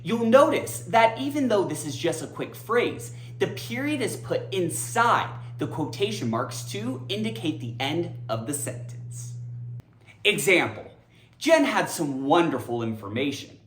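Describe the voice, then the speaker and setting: A woman's voice: on the low side, unhurried, echoey room, slight background noise. A woman teaching English grammar in a playful video lesson, theatrical and talking straight to her viewers. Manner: animated, theatrical, addresses viewers directly.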